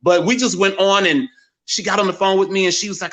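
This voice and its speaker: A man in his forties from the American Midwest, telling a personal story as a guest and acting out other people's words in lively quotes. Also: high-pitched, fast. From Gary, Indiana, USA. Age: 40s. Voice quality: animated storyteller who acts out others' words.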